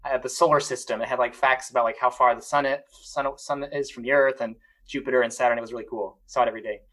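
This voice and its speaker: This is a man co-hosting a casual podcast. He tells stories in a relaxed, rambling way, filling pauses with ums and likes, at a middle pitch. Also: rough recording. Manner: relaxed storyteller with fillers. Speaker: podcast co-host. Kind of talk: casual chat.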